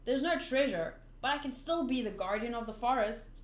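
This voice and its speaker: A woman voicing a grumpy, lonely middle-aged man who guards a forest, with a gruff manner. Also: a little high, lively intonation, fairly quick, lightly acted. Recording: roomy echo.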